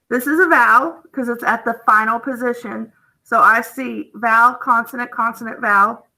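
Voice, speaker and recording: A woman's voice: a little high, pushed and bright. A woman teaching a phonics lesson, explaining step by step and checking in with "okay?".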